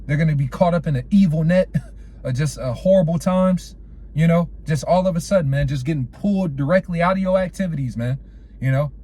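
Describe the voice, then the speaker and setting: A man's voice: fairly high pitch, brisk, dark tone. A man preaching an informal sermon, quoting scripture and telling street stories, filling his talk with "all right" and "man". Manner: casual slangy storytelling.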